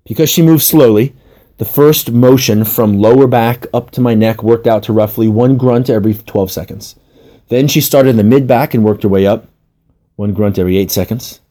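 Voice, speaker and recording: A man's voice: medium pitch, moderate pace, dark tone. A man narrating a comic personal story in a wry, self-mocking way.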